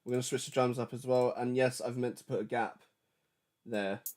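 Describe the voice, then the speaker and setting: A man chatting loosely and excitedly while producing music on a livestream, with slangy, jokey banter. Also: mid-range voice, normal speed. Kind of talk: casual livestream chat.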